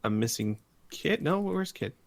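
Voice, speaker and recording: A man's voice: fairly high pitch, sing-song, normal speed, vocal fry. A man narrating as game master in a casual tabletop game, hesitant and full of fillers.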